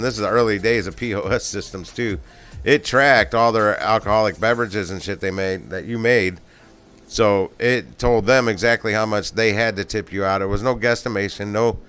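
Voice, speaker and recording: A middle-aged man with a fairly low voice spins long, rambling bar stories in a loose, profane way. He laughs a lot between lines, and faint music plays behind him. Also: fairly bright tone, clear, resonant tone. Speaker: live stream host. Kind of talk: casual storytelling.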